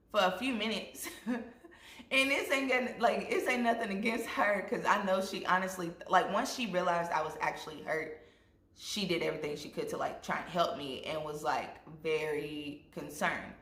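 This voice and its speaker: A young woman vlogger telling a storytime with lively asides to her viewers, acting out what people said. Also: on the low side, moderate pace. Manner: animated, addresses viewers as y'all, acts out quotes. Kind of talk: storytime vlog. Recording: echoey room.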